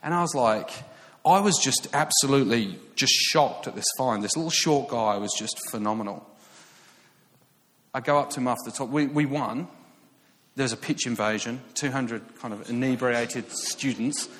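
A man's voice: medium pitch, moderate pace, fairly bright tone, big-room sound. A man in his thirties with an English accent, preaching a sermon as a story, chatty and self-mocking with many fillers and restarts. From England.

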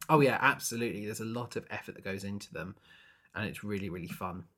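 A man chatting casually as a podcast co-host, recapping a stage musical and acting out characters' lines in quick bursts. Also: fairly low pitch. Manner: animated, acts out characters' lines in brief bursts.

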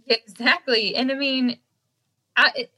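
A young woman with a softened Southern American accent, chatting casually as a guest and laughing often. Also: high-pitched, fairly even intonation, unhurried, husky, poor audio. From Southern United States. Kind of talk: casual chat.

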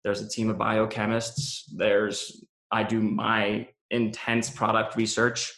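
Brief: man, gravelly voice, candid interview guest, roomy echoey sound. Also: lowish voice, completely flat delivery, slow, a bit bright. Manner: candid and reflective, many "um" and "you know". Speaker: interview guest, business founder. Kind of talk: personal storytelling in an interview. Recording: roomy echo.

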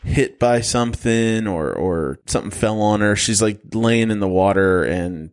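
A man's voice: on the low side, measured pace, clear, resonant tone. A man co-hosting a podcast, casually recapping a movie with jokes and frequent laughter. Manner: joking, animated retelling with laughs. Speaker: podcast co-host. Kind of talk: casual movie-review chat.

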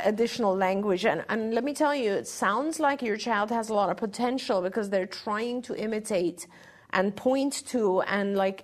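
A middle-aged woman co-hosting a talk show, giving earnest, encouraging advice to parents and often restarting her phrases. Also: medium pitch. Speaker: podcast co-host answering parent questions.

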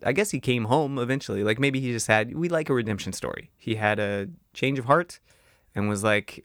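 A man's voice: mid-range voice, fairly quick, a bit bright, no echo, studio quality. A man co-hosting a podcast, chatting casually with sarcastic, wry quips. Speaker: podcast co-host. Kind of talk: casual chat.

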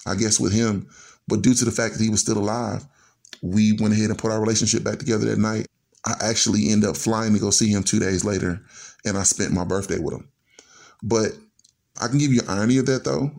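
With a brisk pace and fairly even intonation, the middle-aged Chicagoan talks in a fairly low, creaky, somewhat mellow voice. As a storyteller guest, he tells a personal story earnestly and conversationally, chaining thoughts with "and so."

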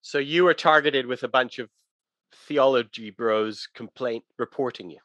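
A man's voice: medium pitch, fairly bright tone, dry recording. Curious male podcast host, dry sound. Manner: curious, quick follow-up questions. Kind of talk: podcast interview.

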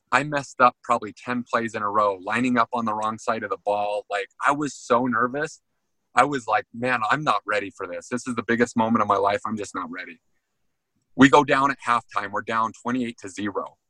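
A man's voice: mid-range voice, dry recording, poor audio. A man, a former college football player, telling a story in a casual interview and often saying "man". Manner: animated storyteller, says "man" a lot.

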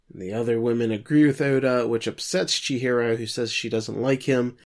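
A man's voice: mid-range voice, fairly even intonation, moderate pace, few pauses. Sardonic man recapping a show. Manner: sardonic, summarizing plot with jokey asides. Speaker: podcast co-host recapping an anime. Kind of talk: casual chat.

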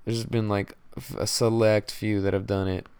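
A man's voice: fairly low pitch, flat delivery, moderate pace, darkish tone, clear, resonant tone, dry recording. A young man hosting a podcast, talking casually and ranting about sports, swearing constantly and calling people "man". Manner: profane, frustrated rambling with frequent "man". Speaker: podcast host.

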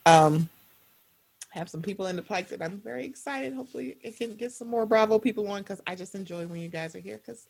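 A woman in her thirties hosts a casual podcast chat with a soft, breathy voice. She is lively and expressive, and her pitch shoots up whenever she acts out a quote. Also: a little fast. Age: 30s. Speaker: podcast host.

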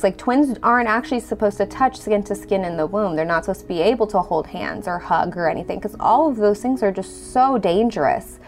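A woman telling her own pregnancy story in a conversational way, animated when she quotes herself. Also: medium pitch. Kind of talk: personal storytelling.

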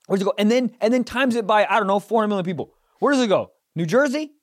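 A man on a podcast telling a comic story in casual chat, swearing and rising to loud, indignant outbursts. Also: high-pitched, animated, fast, no echo, studio quality. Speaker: podcast host.

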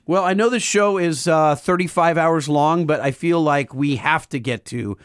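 A man's voice: a little high, moderate pace, clean tone, no room sound, clean studio sound. A man co-hosting a podcast in casual chat, loose and joking as he reads out the hotline number. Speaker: podcast co-host.

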